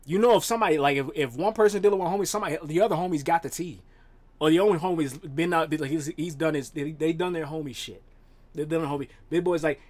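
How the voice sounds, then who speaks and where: A man streaming live, chatting casually with his viewers, profane and animated, rambling and laughing as he talks. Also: a little high, brisk.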